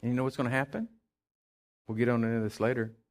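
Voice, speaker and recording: A male pastor preaching a sermon, swinging from hushed asides to loud, fervent declarations. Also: mid-range voice, fairly even intonation, fast talker.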